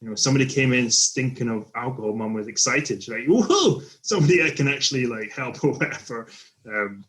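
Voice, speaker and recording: A man's voice: medium pitch, quick pace, fairly bright tone. A man from the UK, a podcast guest, talking casually and reflectively about family, often trailing off. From United Kingdom.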